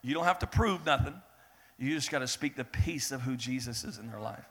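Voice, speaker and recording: A man preaching a sermon in a lively way, acting out the people in his story and swinging between loud bursts and hushed lines. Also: medium pitch, brisk. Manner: animated, acts out voices of biblical figures, swings between loud and hushed. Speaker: pastor.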